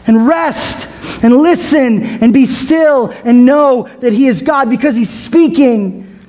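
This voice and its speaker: A male pastor preaching a sermon, telling a story in an animated way. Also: extremely high pitch, takes it slowly.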